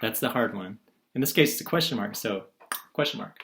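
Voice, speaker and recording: A man's voice: lowish voice, fairly quick, very noisy. A male teacher recording a video lesson, asking his class questions and answering them himself, and acting out quotes in different voices.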